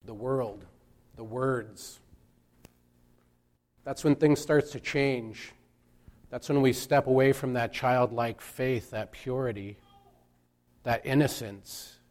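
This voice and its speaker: A man giving a reflective sermon, speaking in a measured way and pausing for emphasis. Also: medium pitch, steady tone, darkish tone. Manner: slow, measured, with pauses for emphasis. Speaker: preacher.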